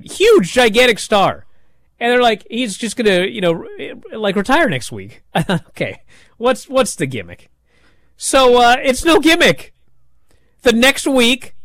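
A man with a high voice talks loosely and rambles, stacking fillers as he tells a story on a talk show. The sound is dry and close. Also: fairly bright tone, no echo. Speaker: wrestling radio show host. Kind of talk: casual chat.

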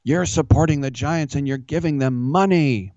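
Guy doing a squeaky whiny fan, outraged, dull dry sound. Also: normal speed, darkish tone, dry recording, lightly acted. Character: whiny, indignant male sports fan.

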